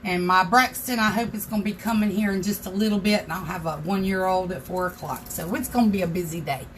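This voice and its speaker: A woman's voice: mid-range voice, fairly even intonation, fast, slight background noise. A woman hosting a casual craft tutorial livestream from her home craft room, chatting and greeting viewers by name.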